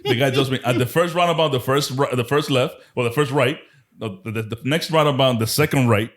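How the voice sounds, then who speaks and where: Male podcast co-host, rapid excitable casual chatter, quick laughs. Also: medium pitch. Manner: excitable, laughs often, repeats words. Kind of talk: casual chat.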